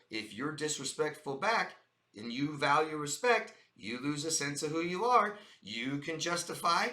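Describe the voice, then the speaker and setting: A man's voice: on the high side, sharp tone, roomy sound. A man giving life-coaching advice to viewers, speaking emphatically and repeating his points. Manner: emphatic and repetitive, addresses viewers as "guys". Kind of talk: direct-to-camera advice monologue.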